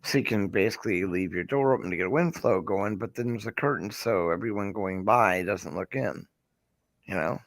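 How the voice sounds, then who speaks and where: A man's voice: fairly low pitch, normal speed, dry recording. A man chatting casually, blunt and swearing often. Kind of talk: casual chat.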